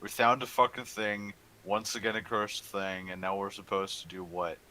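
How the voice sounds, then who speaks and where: A lowish male voice with a bright, forceful edge. He is a player in a casual tabletop chat, swearing freely and defending his choices in a rambling way. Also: little pitch movement, moderate pace, rough recording.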